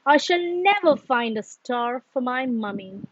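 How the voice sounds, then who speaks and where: Woman voicing a gentle little bear cub. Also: high-pitched, animated, a little slow, no echo, lo-fi sound. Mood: sad.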